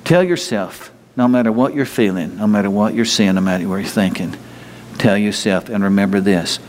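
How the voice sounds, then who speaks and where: A man's voice: moderate pace, slight background noise. Emphatic male preacher in a reverberant hall. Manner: emphatic, conversational preaching with sudden high mocking whines. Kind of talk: sermon.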